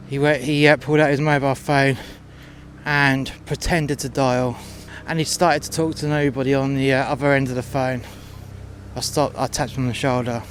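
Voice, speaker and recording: A man's voice: medium pitch, steady tone, normal speed, a bit bright. A man telling a crude personal anecdote in a blunt, heated, profane way. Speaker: storyteller, former doorman. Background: guitar music.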